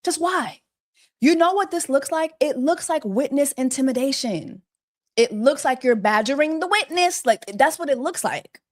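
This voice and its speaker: A woman with a slightly high voice hosts a casual gossip livestream. She talks with exasperation and piles on rhetorical questions. She mocks her subjects with quacking bird jokes. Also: expressive, normal speed. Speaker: host of a celebrity gossip livestream.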